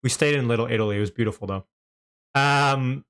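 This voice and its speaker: A man's voice: medium pitch, brisk, fairly bright tone, smooth. A young man from Canada with a light Canadian accent, hosting a casual live stream, chatty, often laughing and reading out viewers' chat messages. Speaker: livestream host.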